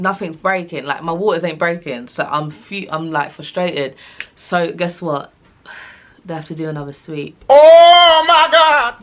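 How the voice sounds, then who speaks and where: Young woman, low voice, casual vlog storytelling, acts out voices. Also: slight background noise. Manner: animated, acts out quoted dialogue. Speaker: vlogger.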